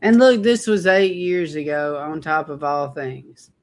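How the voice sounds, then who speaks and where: A man's voice: fairly high pitch, expressive, unhurried. A man hosting an online show, chatting casually to his viewers while he sets up a clip. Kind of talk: casual commentary.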